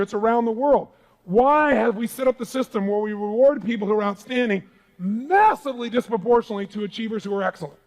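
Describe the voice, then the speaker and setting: A man's voice: very high voice, poor audio. A man giving a live seminar speech as a motivational speaker, emphatic and rallying the crowd with call-and-response questions. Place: large seminar hall.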